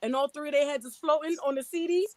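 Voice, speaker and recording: A woman's voice: high-pitched, fast talker, crowd noise. Chatty New York woman on radio. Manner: chatty, laughs often, many "you know"s. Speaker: rapper, guest. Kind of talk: casual radio interview. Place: radio studio.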